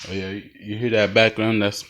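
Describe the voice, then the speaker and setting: A man's voice: fairly low pitch, heavy background noise. A man at home filming his kittens on a phone, chatting playfully and cheering them on. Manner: playful, talks to and cheers on the pets. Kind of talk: casual home video chat.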